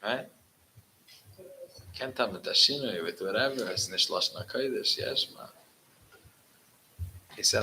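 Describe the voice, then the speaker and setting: Guy telling a story at a gathering, lowish voice, really bright tone, drops yiddish in, faint noise behind. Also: unhurried, long pauses, poor audio. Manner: mixes Yiddish into English, animated when quoting.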